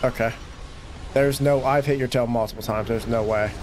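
A young man giving gameplay commentary, swearing and bursting into frustrated shouts. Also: medium pitch, steady tone, moderate pace, background noise. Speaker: gaming YouTuber.

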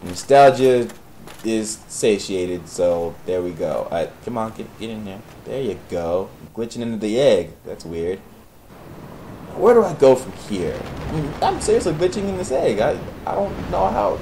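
Young male gamer, sarcastic and profane, very animated pitch, light background noise. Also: moderate pace, creaky, rough recording. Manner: sarcastic, profane, talks to the game characters. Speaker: gaming commentator. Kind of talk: Let's Play commentary.

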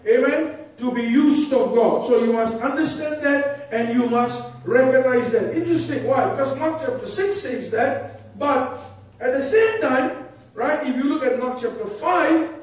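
A man preaching a sermon as a pastor, emphatic and rising to shouts, calling out "amen" and "come on" to the congregation. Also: extremely high pitch, expressive, measured pace. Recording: echoey hall, distant mic.

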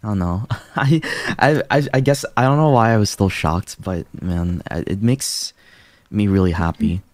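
A man talking casually on a stream, halting, with many fillers and restarts. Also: on the low side, darkish tone, no echo.

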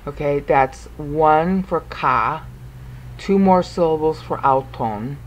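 Slow, low-voiced woman explaining a Bible text. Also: lo-fi sound, slight background noise. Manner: patient and explanatory, counting syllables aloud; self-interrupting, with small restarts and asides. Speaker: Bible commentator. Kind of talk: screen-recorded Bible study lesson.

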